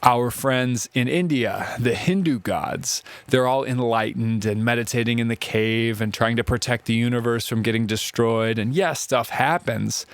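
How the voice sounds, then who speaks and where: A man's voice: medium pitch, normal speed, few pauses, no echo. A man giving a casual classroom ethics lecture, chatty and conversational, often checking in with "right?". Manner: chatty, conversational, uses filler words like "right?" and "like".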